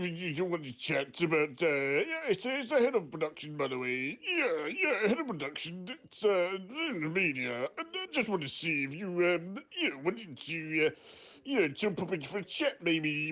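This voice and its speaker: A woman's voice: on the low side, a bit bright. A woman imitating a rambling, hesitant male television executive full of fillers. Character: hesitant male TV production head.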